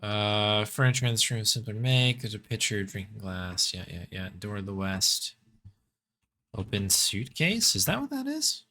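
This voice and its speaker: A man's voice: fairly low pitch, sing-song, moderate pace, pushed and bright. A man casually commenting on an adventure game, reading text aloud, playfully muttering and humming. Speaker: let's play streamer.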